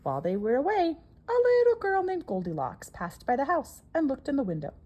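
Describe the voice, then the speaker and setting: A woman reading a children's story aloud in an expressive, sing-song storybook manner. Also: sits high, brisk, muffled recording.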